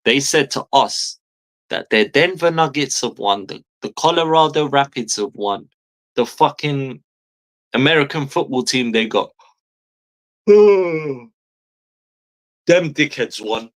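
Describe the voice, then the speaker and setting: A man in his thirties rants as a football fan streamer, swearing freely and repeating lines for emphasis. His voice sits at an ordinary middle pitch, and his tone stays exasperated and blunt throughout. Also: a little slow, fairly bright tone. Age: 30s. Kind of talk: angry fan rant.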